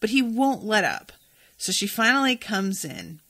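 A young adult woman talks through a TV episode in a loose, casual monologue. Her voice is bright and a little sharp, and she takes her time, drawing her words out. She drops swear words easily and acts out the characters' lines as she goes. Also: medium pitch, lively intonation, a little slow. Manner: chatty, swears freely, reads quoted dialogue aloud. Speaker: podcast host recapping a TV episode.

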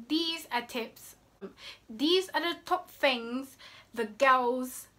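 A woman's voice: fairly high pitch, bright, forceful tone. A young woman, giving sassy, scolding dating advice in a casual vlog. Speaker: vlogger.

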